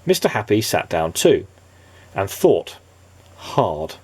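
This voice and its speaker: A man, a father, reading a children's storybook aloud in a gentle, expressive way. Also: lowish voice, takes it slowly, slightly rough.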